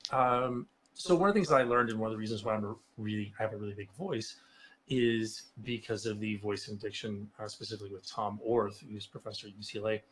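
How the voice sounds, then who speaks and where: A man hosting a casual podcast as a martial arts instructor, with a loud, booming, theatrical voice and animated delivery on a close mic. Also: fast, slight background noise. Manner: animated, breaks into loud shouted impressions. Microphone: close studio mic.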